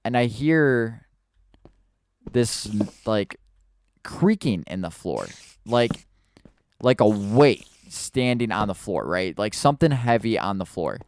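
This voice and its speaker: A man's voice: lowish voice, sing-song, takes it slowly, pauses often, darkish tone, clean tone. Man rambling through a spooky storytime. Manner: rambling, hesitant, many restarts and fillers. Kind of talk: casual storytime narration while playing a video game.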